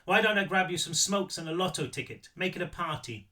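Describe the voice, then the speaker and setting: A man's voice: sits high, lively intonation, a little fast, pushed and bright, distant mic, voice pushed up. A man voicing a tiny, sardonic elderly woman shopkeeper with a thick accent and a dry, teasing manner.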